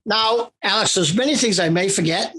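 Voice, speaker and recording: An older man with a husky, slightly raised voice tells stories from his career. He talks in an animated, rambling way and often restarts his sentences. He is a guest being interviewed about his work. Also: sits high, moderate pace. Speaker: interview guest, comic writer. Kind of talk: anecdotal storytelling in conversation.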